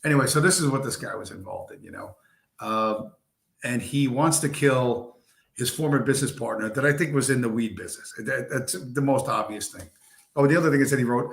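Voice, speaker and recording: Male stream host, mid-pitched, loose and profane storytelling, recorded in an echoey room. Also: fairly quick, vocal fry. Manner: rambling, profane storytelling with many fillers. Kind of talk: casual live-stream monologue. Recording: roomy echo.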